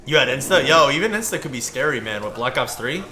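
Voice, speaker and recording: A man's voice: medium pitch, expressive, quick pace, pushed and bright. Laid-back young man chatting while gaming. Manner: laid-back, rambling, heavy use of "like" and "bro". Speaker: gaming streamer. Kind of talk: casual gameplay commentary chatting with viewers.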